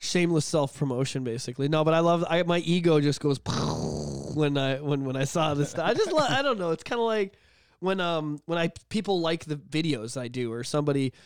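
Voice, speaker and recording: Fast-talking man, joking. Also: a little high, animated, smooth, dry recording, clean studio sound. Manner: rambling, profane, joking. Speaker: podcast co-host. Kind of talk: casual chat.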